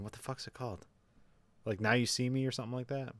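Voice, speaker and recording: Dude cohosting a podcast, swears a lot, laughs, dry close mic. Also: male voice, mid-range voice, steady tone, fast, fairly bright tone, no echo. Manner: swears casually, laughs often. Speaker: podcast co-host. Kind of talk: casual movie review chat.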